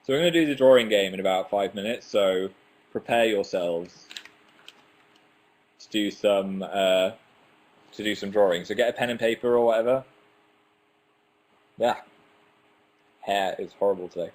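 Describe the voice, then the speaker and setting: A man's voice: lowish voice, normal speed, long pauses, darkish tone. A young man hosting a casual livestream, chatting and reading out viewer comments, self-mocking and tripping over his words now and then. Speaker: livestream host. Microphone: webcam.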